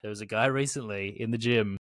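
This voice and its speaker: Lively man telling stories. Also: lowish voice, a little fast, no room sound. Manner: animated storyteller, swears, acts out his own quoted lines. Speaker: podcast co-host. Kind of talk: casual chat.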